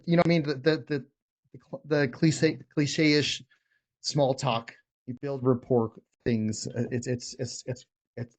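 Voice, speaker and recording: Here the coach's voice is medium-pitched and a little mellow. He gives an informal lesson on negotiating sales for real estate wholesaling, speaking bluntly and emphatically and often beginning his words again.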